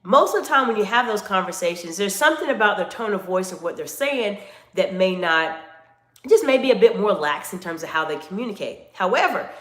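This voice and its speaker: A woman's voice: mid-range voice, animated, a little fast, a bit bright, echoey room. A woman coaching live-stream viewers on communication, speaking directly to them in an instructive way and reading out their chat comments.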